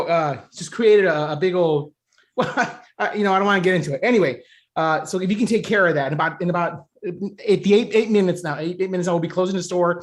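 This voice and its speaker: Hesitant man improvising a store boss. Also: sits high. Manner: hesitant, filler-heavy boss talk. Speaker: improv performer playing a store manager. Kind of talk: improvised comedy scene.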